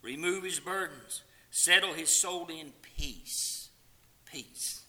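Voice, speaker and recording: A man preaching a sermon with passion, swinging from loud pleading to quiet, hushed lines and sometimes singing hymn verses. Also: fairly high pitch, lively intonation, slow.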